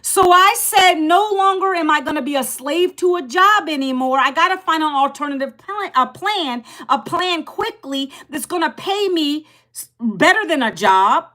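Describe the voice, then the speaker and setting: A woman in her fifties hosting a casual livestream, loud and passionate, rambling and emphatic as she repeats herself. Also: sits high, animated, normal speed. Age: 50s. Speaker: livestream host.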